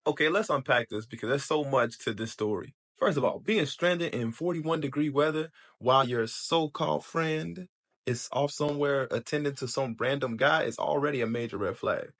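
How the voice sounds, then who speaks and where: A man hosting, giving measured scripted commentary on a story and asking the audience what they think. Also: mid-range voice, fairly bright tone. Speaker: commentary host.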